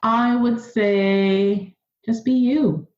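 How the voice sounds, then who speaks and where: A woman's voice: on the high side, drawn-out words, muffled recording. Earnest woman guest in an echoey room. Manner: earnest, animated storyteller. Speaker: podcast guest. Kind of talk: casual conversational interview.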